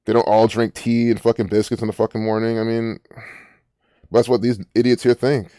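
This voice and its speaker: A man's voice: mid-range voice, little pitch movement, brisk, dark tone, no echo, clean studio sound. A man hosting his own channel, giving rambling, profane and indignant commentary while reading from a screen. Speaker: channel host.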